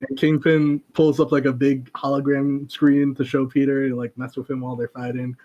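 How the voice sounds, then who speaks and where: A man co-hosting a podcast, adding comic plot details in a halting, filler-heavy way. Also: mid-range voice, little pitch movement, dark tone, dull audio. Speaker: podcast co-host. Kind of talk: casual chat recapping a comic. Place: podcast recording setup. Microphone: podcast microphone.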